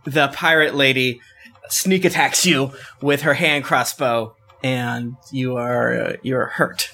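A man narrating a tabletop game session as its game master, with a bright, forward tone. He talks in a playful, rambling way, stumbling and restarting as he describes the action. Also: medium pitch, fairly even intonation, slow.

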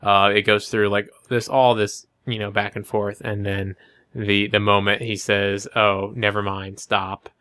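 Smooth low-voiced rambling man. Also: little pitch movement, unhurried, sharp tone, no room sound, studio quality. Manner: rambling recap with many fillers. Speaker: podcast co-host. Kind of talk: casual book discussion chat.

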